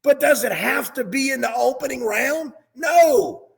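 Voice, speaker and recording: A man's voice: very high voice, moderate pace, creaky, a bit bright. A man co-hosting casual sports talk, ranting and sarcastic, recorded with a reverberant room sound.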